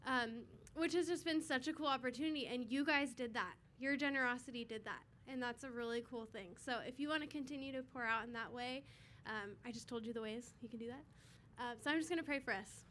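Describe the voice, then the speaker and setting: A woman's voice: a little high, brisk, a bit bright, a little hiss or hum. Rambling woman giving a church talk. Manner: rambling, many fillers like "like". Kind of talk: casual church testimony and prayer.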